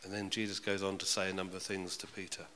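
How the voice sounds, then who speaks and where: A man's voice: deep voice, flat delivery, quick pace, bright, forceful tone, a little hiss or hum. A man preaching a sermon in a chatty way, often asking his congregation questions. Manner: conversational, asks the congregation questions. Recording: reverberant hall.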